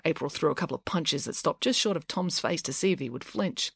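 A woman narrating a book chapter aloud in a calm, even way. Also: sits low, brisk, gravelly, husky, no echo, studio quality. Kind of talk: storybook reading.

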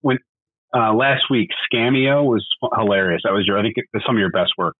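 An excited man phones in to a podcast, words tumbling out quickly. His voice is a bit husky. It comes through a tinny, dry phone line. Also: on the low side, no echo. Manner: enthusiastic, fast. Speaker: caller. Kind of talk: phone-in chat.

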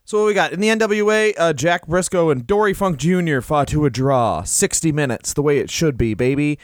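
Guy on a comedy podcast riffing crude stories, smooth voice, dead dry mic. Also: a little high, animated, a little fast, dry recording. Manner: crude, rambling storytelling with silly put-on voices. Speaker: podcast co-host. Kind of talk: improvised comedy chat.

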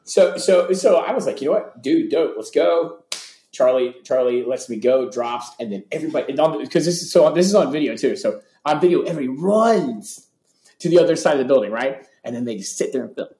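A man telling road stories as an interview guest in a loose, excitable way, full of fillers and restarts. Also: mid-range voice, reverberant. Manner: animated, fast, lots of fillers and restarts, acts out voices. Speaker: interview guest, former tour hypeman. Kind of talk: casual storytelling.

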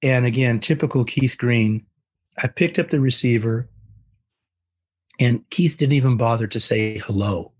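An older man who is a guest on an interview, telling a story with animated, acted-out quotes. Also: medium pitch, unhurried, long pauses, slightly rough.

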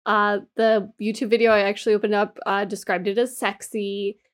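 A woman in casual podcast chat, walking through a long story step by step, with an easy, mid-pitched voice and a scattering of fillers. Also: flat delivery, brisk. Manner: explains at length, with fillers. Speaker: podcast co-host.

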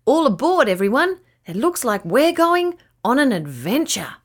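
Woman doing an excited little boy. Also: sits high, moderate pace. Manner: eager, exclamatory. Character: excited young boy at a beach party.

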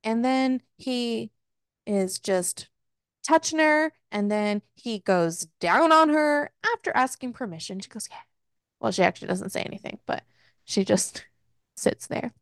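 A woman co-hosting a casual book podcast, retelling the plot in an exasperated, swearing rush and acting out the characters' lines. Her voice sits a little high. The sound is dry and close. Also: lively intonation, a little slow, smooth, dry recording. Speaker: podcast co-host. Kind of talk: casual book recap chat.

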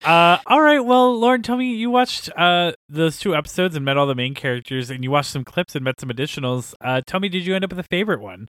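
A man's voice: fairly high pitch, lively intonation, quick pace, hardly any pauses, fairly bright tone, no room sound. A man hosting a casual chat, running the segments with a dry, wry delivery. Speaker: podcast host.

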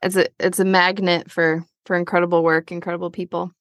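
A woman's voice: lowish voice, flat delivery, a little fast, dry recording, clean studio sound. A woman hosting a casual interview, giving brief, encouraging replies. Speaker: podcast host.

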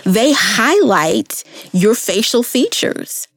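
A woman's voice: on the high side, big pitch swings, takes it slowly, no room sound. A woman co-hosting a podcast, chatting casually and emphatically with lots of fillers. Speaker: podcast co-host. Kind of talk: casual chat.

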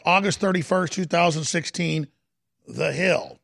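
A heated male talk show host speaking from a studio, his voice set somewhat high and deeply gravelly with a rough fry. He delivers political commentary in a dramatic, emphatic way, leaning hard on key words. The sound is close and dry, with no room echo. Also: lively intonation. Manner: emphatic, dramatic, swings from slow deliberate stresses to shouting. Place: broadcast studio.

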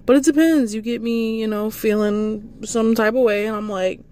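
A woman hosting her own podcast, rambling casually and goofily while encouraging her listeners with warm affirmations. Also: fairly high pitch, fairly even intonation, moderate pace. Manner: goofy, rambling, hypes listeners up; affectionate, encouraging. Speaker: podcast host. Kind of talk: casual motivational monologue.

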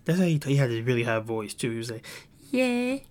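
A man imitating an evasive male preacher with a high voice who stalls with hesitant answers. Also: very animated, fairly quick, lightly acted. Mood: squeaky.

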